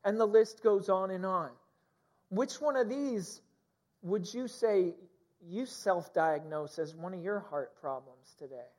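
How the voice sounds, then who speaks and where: A man's voice: sits high, measured pace, a little mellow. Brief: male pastor, conversational sermon delivery, personal storytelling style with plenty of uhs and ums. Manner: candid, personal storytelling with frequent fillers.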